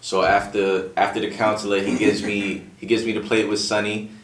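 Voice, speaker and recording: A man talking casually as a battle rapper guest on a podcast, in fast, profane, animated street talk. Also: on the low side. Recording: echoey room, distant from mic.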